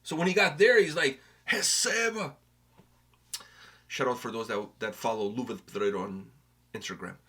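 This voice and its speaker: A man's voice: mid-range voice, fast talker, breathy edge. A man from Portugal co-hosting a music reaction, chatting casually and joking, with some swearing. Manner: animated, joking, swearing, trailing off into quieter asides. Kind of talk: casual chat.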